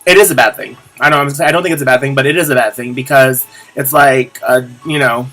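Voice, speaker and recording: A man's voice: medium pitch, fast, sharp tone, faint music behind. A young man talking candidly to camera in a casual confessional vlog, rambling with lots of fillers and restarts and the odd swear word. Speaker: vlogger.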